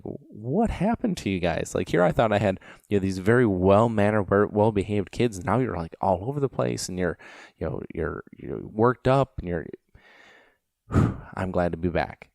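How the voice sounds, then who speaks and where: Deep-voiced man telling a story. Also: vocal fry, darkish tone, dry recording, clean studio sound. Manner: rambling, frequent "you know" fillers. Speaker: podcast host and dog trainer. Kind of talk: casual storytelling.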